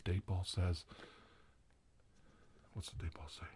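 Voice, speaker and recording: A man doing a teasing whispered role-play, drifting between soft talk and breathy whispers. His voice is low and mellow. A faint hiss sits under the recording. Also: little pitch movement, unhurried. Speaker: ASMR parody host.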